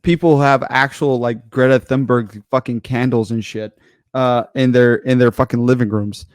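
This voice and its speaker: A man's voice: medium pitch, fairly even intonation, normal speed, no echo. Guy ranting and cussing a lot on a podcast, mid voice, dry sound. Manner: profane ranting, heavy swearing. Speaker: podcast co-host. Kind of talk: casual podcast banter.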